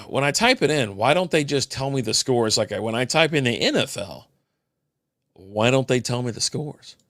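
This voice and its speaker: A man's voice: mid-range voice, animated, normal speed, a bit bright, no room sound. An older man hosting a casual solo beer podcast, telling rambling, profane stories with dry asides. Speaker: podcast host.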